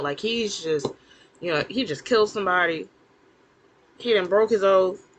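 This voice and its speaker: Speaking to the camera, a woman casually recaps a TV episode, animated and incredulous, her talk full of fillers and laughs. Her voice sits at a medium pitch, and the recording quality is low.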